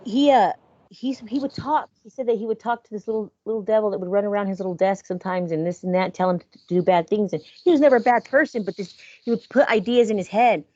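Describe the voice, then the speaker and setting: Fast-talking woman telling spooky stories. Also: medium pitch, no room sound. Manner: animated, acts out voices in her stories. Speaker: podcast host. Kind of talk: casual storytelling chat. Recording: dull lo-fi sound.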